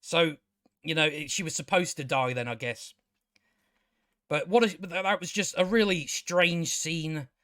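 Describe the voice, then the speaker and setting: A man's voice: fairly high pitch, unhurried, pushed and bright, no echo, clean studio sound. A man hosting a casual spoken TV review, sarcastic and exasperated, swearing freely and restarting his sentences. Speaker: TV review channel host.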